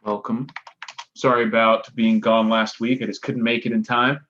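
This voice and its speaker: Stuffy-nosed man, relaxed chat. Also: mid-range voice, moderate pace, lo-fi sound, slight background noise. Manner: easygoing, chatty. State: stuffy nose. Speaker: podcast co-host. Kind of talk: casual live-stream chat.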